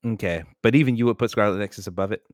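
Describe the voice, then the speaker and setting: Casual male podcast host, low voice. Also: racing, no room sound, clean studio sound. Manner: loose, profane, runs the ranking discussion. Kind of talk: casual gaming podcast chat.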